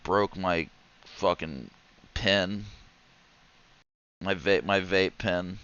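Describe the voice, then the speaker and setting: A man chatting casually on a livestream, rambling and swearing, with sudden loud outbursts. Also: low-pitched, very slow, clear, resonant tone, lo-fi sound. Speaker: streamer.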